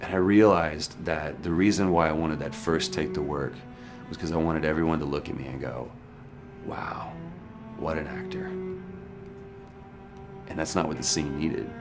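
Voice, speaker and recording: A man with a very deep voice tells an earnest, candid story as an interviewed actor. He is frank and a little wry. Music plays under him. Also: fairly even intonation, brisk, few pauses. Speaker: actor interviewed about a role.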